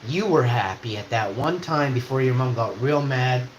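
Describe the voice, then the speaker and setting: A man's voice: medium pitch, moderate pace, highs cut off. A young man from Canada who streams, telling a rambling casual story, swearing and acting out quoted voices. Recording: echoey room with faint noise.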